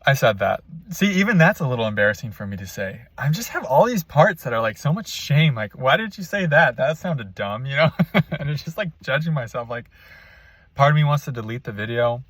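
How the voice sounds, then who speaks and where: A man's voice: mid-range voice, expressive, fairly quick, no room sound. A young man giving a candid, rambling spiritual monologue from a parked car, full of fillers, restarts and self-conscious asides. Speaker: spiritual coach. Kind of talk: casual spiritual vlog monologue.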